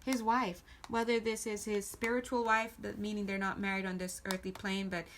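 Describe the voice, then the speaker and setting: A woman's voice: mid-range voice, flat delivery, moderate pace, a little hiss or hum. Chatty, playful woman reading tarot. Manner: chatty and playful, giggles often; warm and encouraging toward viewers. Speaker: tarot reader. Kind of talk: casual tarot reading to camera.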